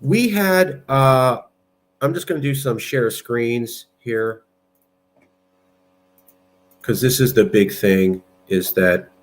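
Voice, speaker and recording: A man's voice: mid-range voice, slow pace, long pauses. A man giving blunt, argumentative political commentary while sharing his screen. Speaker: political movement president.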